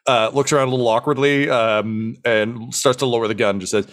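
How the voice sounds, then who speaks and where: A man's voice: medium pitch, steady tone, a little fast, few pauses. A man running a tabletop game as game master, narrating with many hesitations and fillers.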